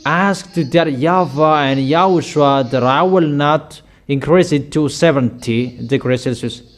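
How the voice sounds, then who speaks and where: A man preaching a sermon in halting, repetitive English, delivering emphatic commands and addressing his listeners as children. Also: on the high side. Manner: halting non-native English with repeated phrases.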